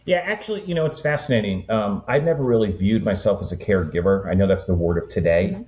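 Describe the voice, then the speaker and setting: Deep-voiced older man telling family stories. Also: fast, highs cut off. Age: 60s. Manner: relaxed, rambling anecdotes with frequent "um" and "you know". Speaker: guest. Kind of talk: conversational storytelling.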